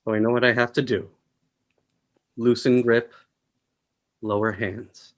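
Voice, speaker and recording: A man, an actor, reading a short story aloud with measured, deliberate phrasing over a video call. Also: mid-range voice, fairly even intonation. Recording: dull lo-fi audio.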